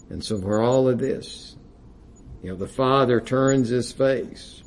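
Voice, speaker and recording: Male preacher, mid-pitched, unhurried sermon delivery, frequent "you know" fillers between scripture readings. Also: a little mellow. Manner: King James scripture read with rising emphasis.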